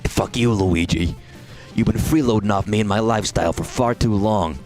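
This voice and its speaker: A man's voice: lowish voice, moderate pace, a little mellow, faint music behind, natural voice. A man putting on a blunt, fed-up older brother brushing off his sibling. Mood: cold.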